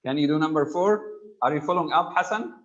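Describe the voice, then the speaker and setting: A man's voice: a little high, fast talker, a bit bright, highs cut off. A man teaching an online English grammar class, explaining terms and checking in with students. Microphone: computer mic on a video call.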